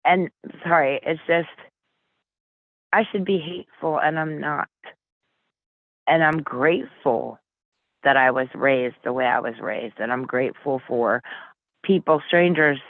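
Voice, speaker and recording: Over a tinny phone line, a deep-voiced woman from Flint, Michigan tells her emotional personal story as an interview guest. She's blunt and earnest, swears casually, speaks at a measured pace with frequent pauses, and there's no echo.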